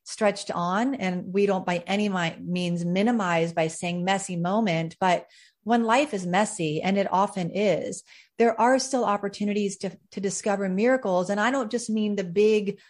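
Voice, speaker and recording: Female podcast host, mid-pitch voice, reflective conversational delivery, faith interview. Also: normal speed. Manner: warm-hearted, reflective, with frequent fillers.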